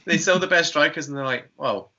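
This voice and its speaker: A man, co-hosting a podcast and chipping in with quick jokes. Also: a little high, sharp tone. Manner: quick jokey interjections. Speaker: podcast co-host. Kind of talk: casual chat. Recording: dull lo-fi audio.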